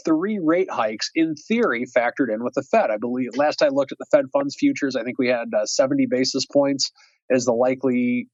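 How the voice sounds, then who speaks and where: A man's voice: medium pitch, fairly quick, a little mellow, dry recording. Man, casual market talk, lots of uh and restarts, dry close sound, slightly muffled. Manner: thinks aloud with many fillers and restarts. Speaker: wealth manager guest.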